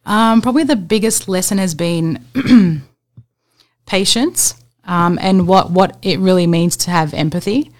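An Australian woman, a stand-up comedian, talking casually on a podcast, full of fillers and quick laughs. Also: lowish voice.

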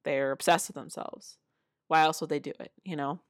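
Woman, low voice, dry close sound, earnest casual vlogger. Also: steady tone, moderate pace, no echo. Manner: earnest, many fillers, with laughs. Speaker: motivational speaker. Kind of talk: casual talk to camera. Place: city home.

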